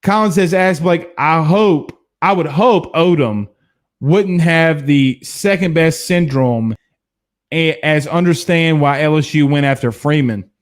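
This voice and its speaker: A man in his thirties from Louisiana hosting a casual sports stream, reading viewer comments and telling stories in a blunt, animated way. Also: fairly high pitch, a little slow. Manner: animated storyteller, hums drum beats, blunt. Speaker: sports show host.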